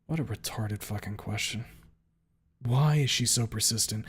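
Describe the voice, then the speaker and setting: A man reading a first-person story aloud on his stream, shifting from hushed breathing to clipped, profane anger. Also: fairly low pitch, normal speed, slightly rough. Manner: hushed, then swearing and tightly angry.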